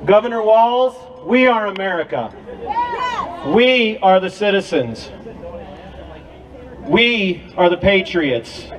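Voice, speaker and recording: A man's voice: high voice, expressive, slow, long pauses, poor audio. A man giving an impassioned speech to a crowd at an outdoor rally, with a preacher-like cadence. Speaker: rally speaker.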